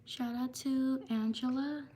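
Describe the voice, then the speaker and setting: Slow, flat-voiced woman streamer. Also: sits high. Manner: slow, even reading of viewer names. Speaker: livestream host. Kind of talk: live stream shout-outs.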